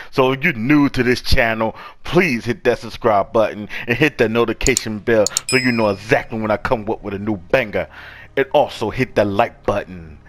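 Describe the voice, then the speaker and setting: A young man hosting a casual let's-play, reacting with excitable, profane outbursts over game audio. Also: mid-range voice. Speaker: gaming channel host. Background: game audio and music.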